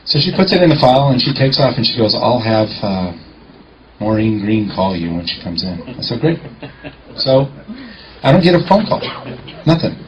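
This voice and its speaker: Man, confident storyteller, acts out dialogue, lowish voice, slight hiss. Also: sing-song, normal speed. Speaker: speaker telling a courthouse story. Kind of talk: storytelling talk. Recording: muffled lo-fi recording.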